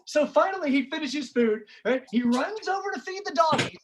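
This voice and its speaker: A woman's voice: high-pitched, expressive, brisk, noisy background. Brash profane woman comic on stage. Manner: brash, profane, punchy storytelling. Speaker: stand-up comedian. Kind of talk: stand-up comedy set. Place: comedy club stage. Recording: live club with crowd laughter.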